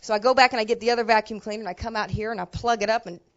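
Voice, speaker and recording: A woman pastor telling a personal story in a sermon, talking in a plain, colloquial way that drops to quiet asides and rises to loud emotional bursts. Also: on the high side, steady tone, rapid-fire, dull audio. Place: church sanctuary.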